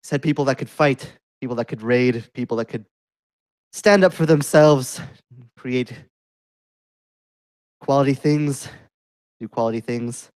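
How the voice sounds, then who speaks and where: A man's voice: medium pitch, a little slow, pauses often, a little mellow, no echo, close to an everyday voice. A man voicing an arrogant male warrior from abroad who taunts his hosts, speaking in a scornful, taunting way.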